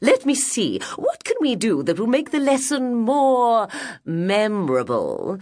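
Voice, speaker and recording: A woman's voice: wildly swooping pitch, a little mellow, heavily acted. A woman voicing a prim, sanctimonious woman guardian who scolds a child, reading an audiobook. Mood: sour, stern. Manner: shrill, preachy, slow and deliberate.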